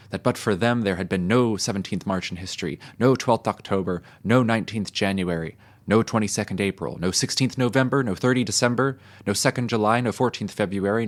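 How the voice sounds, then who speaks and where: A man's voice: lowish voice, close to an everyday voice. A man voicing a grandiose male French orator who declaims a long list of dates. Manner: pompous, declamatory.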